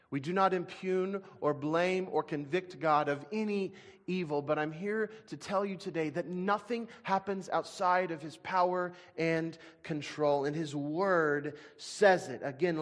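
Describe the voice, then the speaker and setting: A male pastor preaching a sermon to a congregation, emphatic and animated, swinging from loud bursts to quiet asides. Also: high-pitched. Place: church sanctuary. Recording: long hall reverb.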